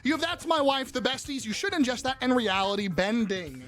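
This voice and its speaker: A woman hosting a live-stream trivia game in a wildly animated voice that swoops up and down. She is excitable and foul-mouthed, bursting into shouts and high squeals, with faint music playing behind her. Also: a little fast.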